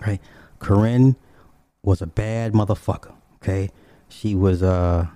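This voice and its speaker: A man telling a personal story in a casual, profane, animated way, swinging from low mutters to high exclamations. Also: unhurried, dry recording.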